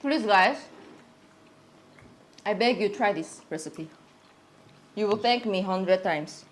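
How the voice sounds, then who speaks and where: A Korean woman speaks English with a clear Korean accent while hosting a home cooking vlog. She sounds earnest and encouraging, her voice sitting at a middle pitch with a faint background hiss. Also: slow pace. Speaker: vlog co-host, cook. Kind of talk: casual cooking vlog chat.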